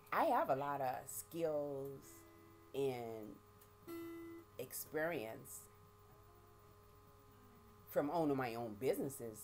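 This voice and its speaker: A middle-aged woman giving a halting, emotional personal testimony, often repeating words and speaking of her faith. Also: extremely low pitch, a little mellow. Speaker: vlogger sharing life after prison.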